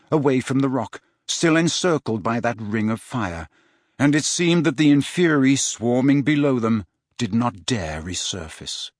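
Reading scripted narration for an audiobook, a man keeps a steady, measured storytelling tone in a mid-range voice. The studio-quality recording is dry.

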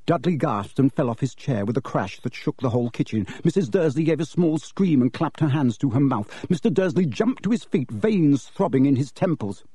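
Mellow male audiobook narrator. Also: medium pitch, breathy edge, no room sound. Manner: measured, expressive storytelling. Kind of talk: scripted narration.

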